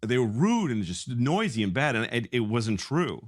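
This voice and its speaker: A middle-aged man telling a comedy story in casual chat, acting out other people's lines. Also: moderate pace. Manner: animated, acts out quotes in high squeaky voices.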